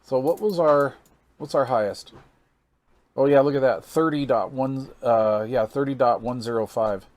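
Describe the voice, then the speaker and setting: A man's voice: medium pitch, normal speed, darkish tone. A man hosting a casual hands-on radio gear demo, folksy and amazed, thinking aloud while he reads meters and counts into the mic. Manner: counts into the mic during test calls. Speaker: radio hobbyist channel host.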